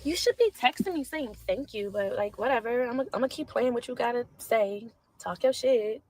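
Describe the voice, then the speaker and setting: A young woman, a content creator ranting loudly and sassily in a reaction vlog, swearing a lot. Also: fairly high pitch, moderate pace, no room sound, rough recording. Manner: loud, sassy, animated, swears a lot.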